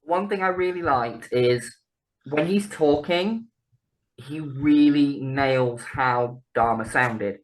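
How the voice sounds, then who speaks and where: A woman's voice: rumbling low, takes it slowly. A woman, co-hosting a podcast in casual chat, laughing often, swearing freely and bantering. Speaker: podcast co-host.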